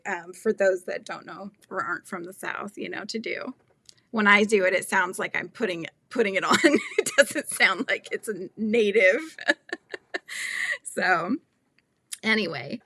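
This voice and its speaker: Woman, book author hosting a live stream; chatty and rambling, gravelly edge, dry sound. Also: medium pitch, pushed and bright, no echo. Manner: rambling, chatty, laughs often. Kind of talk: casual live-stream chat.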